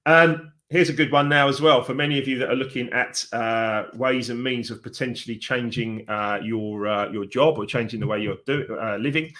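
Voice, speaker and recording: A man in his forties hosts a live motivational stream as a success coach. He talks in a chatty, encouraging way, warm in intent and loose in delivery, with lots of fillers. His pitch sits in an ordinary middle range for a man. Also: fairly even intonation, moderate pace, few pauses.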